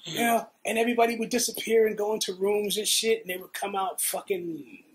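A middle-aged man with a New York accent telling profane, animated stories in a casual interview. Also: high voice, a little fast. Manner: profane, animated, acts out quotes. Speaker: interviewee, guitarist. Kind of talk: casual storytelling.

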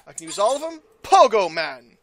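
A man doing gameplay commentary, with loud exaggerated outbursts, yelling and groaning as his character dies. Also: high voice, very animated, normal speed. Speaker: let's player.

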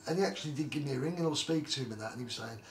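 A man's voice: mid-range voice, very fast. A middle-aged man, a retired boxer, telling stories in a casual interview, rambling and repeating "like I say" and "do you know what I mean". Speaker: retired journeyman boxer, guest. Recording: roomy echo, faint background noise.

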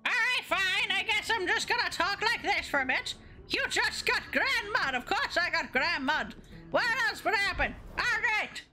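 A woman streamer giving casual, profane, excitable commentary while playing a video game. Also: very high voice, moderate pace, soft background music.

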